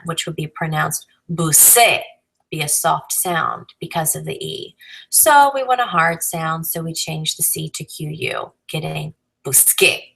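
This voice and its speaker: A Spanish teacher with a low, gravel-edged, fairly bright voice explains grammar in a recorded lesson, patiently and one step at a time. She spells out letters along the way, and the recording is rough.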